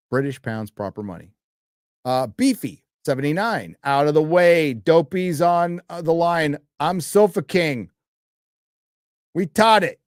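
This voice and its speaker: A man's voice: on the high side, no echo, clean studio sound. A man hosting a casual live stream, reading viewer donations and messages aloud with an offhand, crude manner and many fillers. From United States. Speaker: livestream host reading donations.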